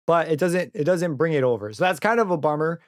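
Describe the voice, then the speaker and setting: Guy demoing a synth plugin, kinda high voice, dry close mic, synth playing underneath. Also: expressive, fast, no room sound, faint music behind. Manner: casual, thinking aloud with fillers and self-corrections. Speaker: plugin reviewer. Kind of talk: screen-recorded software tutorial.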